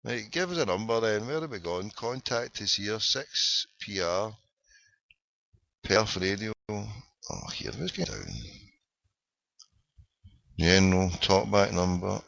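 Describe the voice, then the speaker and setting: On his casual internet radio show, a Glaswegian man jokes, swears and rambles through live chat and phone-ins. His low voice moves slowly with vocal fry and frequent pauses, though its tone is fairly bright. The sound is dull and echo-free.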